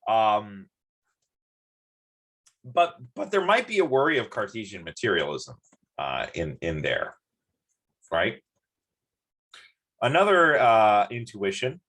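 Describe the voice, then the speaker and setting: A man's voice: mid-range voice, big pitch swings, a little slow, long pauses, fairly bright tone, husky. Guy lecturing on a livestream, rambly and casual, lots of ums, voice bounces up and down a lot. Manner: chatty, rambling, many ums and restarts, sleepy yawns. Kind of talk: live-streamed university lecture.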